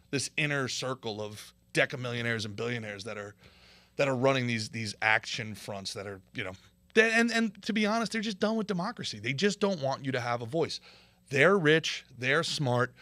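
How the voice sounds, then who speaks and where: A man hosting a political commentary stream, ranting in a sarcastic, animated way and reading viewer comments. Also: mid-range voice, dry recording. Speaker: show host.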